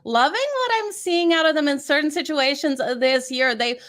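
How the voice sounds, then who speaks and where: A woman's voice: high voice, lively intonation, moderate pace, a bit bright. A woman in her forties with a Canadian accent carrying Australian traces, chatting upbeat about sports betting as a guest handicapper. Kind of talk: casual sports betting chat.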